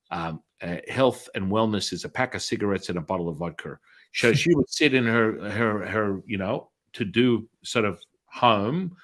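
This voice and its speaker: Lively middle-aged man telling a story. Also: lowish voice. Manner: animated storyteller acting out quoted voices. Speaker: spiritual healer guest. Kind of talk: casual storytelling interview.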